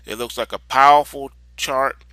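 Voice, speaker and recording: A man's voice: mid-range voice, steady tone, moderate pace, bright, forceful tone, no room sound. A man hosting a casual market recap, walking through charts with frequent fillers and repeated words. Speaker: market commentary host.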